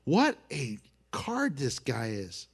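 A man's voice: mid-range voice, wildly swooping pitch, takes it slowly, husky. A male pastor teaching verse by verse through a Bible passage, in a conversational way with wry asides.

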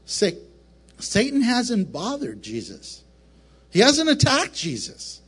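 A man preaching a casual, joking Bible lesson to a camera, animated and prone to breaking off mid-sentence. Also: extremely high pitch, slow, slightly rough. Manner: animated, joking, self-interrupting. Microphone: camera mic up close.

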